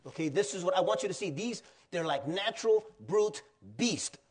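A pastor preaching a sermon in a loose, colloquial way, with asides and questions to the congregation. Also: male voice, sits high, lively intonation, normal speed, breathy edge.

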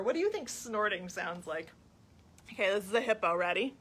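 During a library storytime captured for a live video stream, a woman who works as a children's librarian reads a picture book in a sing-song way, drawing the kids in with questions. Her voice sits in the mid range, fairly bright and slightly rough, with lively intonation at a normal speed.

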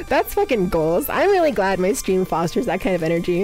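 Excitable swearing woman streamer. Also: a little high, moderate pace, faint music behind. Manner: swearing, laughing, loud outbursts. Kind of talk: casual live-stream chat with viewers.

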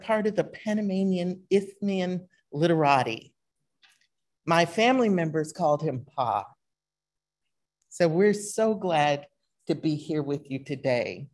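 A woman from East Texas addresses a conference audience. Her voice sits a little low, and she speaks slowly and deliberately, in a measured storytelling manner with touches of humor. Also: darkish tone. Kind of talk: formal presentation talk.

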